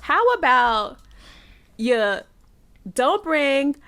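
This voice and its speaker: A woman's voice: high-pitched, animated, extremely slow, a bit bright. A woman co-hosting a podcast, ranting in a sassy, exasperated way in casual chat. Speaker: podcast co-host.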